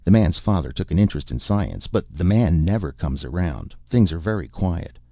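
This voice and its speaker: Brief: male reader as a laconic cabinet man, low and gravelly. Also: animated, moderate pace, dry recording, exaggerated voice. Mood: dry. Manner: dry, easygoing. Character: squat unflappable cabinet man in his fifties. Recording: dull lo-fi dry recording.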